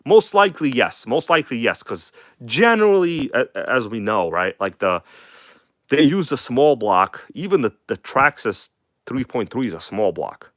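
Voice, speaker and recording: A man with a slight accent hosting a casual live stream, chatting loosely, swearing now and then and reading magazine text aloud in a halting way. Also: mid-range voice, sing-song, fairly bright tone, dry recording, clean studio sound. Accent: non-native English accent. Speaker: host of a live RC car stream. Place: home workshop in Queens.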